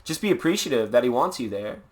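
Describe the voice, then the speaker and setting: A man's voice: mid-range voice, lively intonation, moderate pace. A man hosting a casual live tarot reading, laid-back and upbeat, rambling with jokes and puns. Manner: playful, jokey, rambling with puns. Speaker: tarot reader and live stream host.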